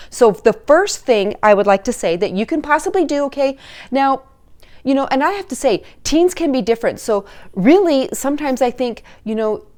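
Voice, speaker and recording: A woman who works as a teen relationship coach, giving casual, chatty advice straight to the camera and checking in with parents with "all right?" and "okay?". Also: fairly high pitch.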